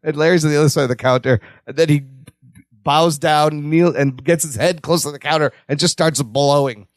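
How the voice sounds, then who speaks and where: A man's voice: fairly high pitch, brisk, no echo. A man co-hosting a podcast, casually recapping a sitcom episode with joking asides. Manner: joking asides, laughs between lines. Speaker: podcast co-host.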